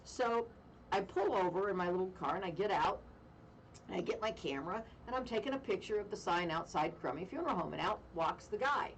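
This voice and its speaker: A woman radio host telling a funny story in casual chat, animated and self-mocking, with deadpan jokes. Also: mid-range voice, fairly quick, recorded from a distance, dull audio, a little hiss or hum. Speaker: radio talk show host.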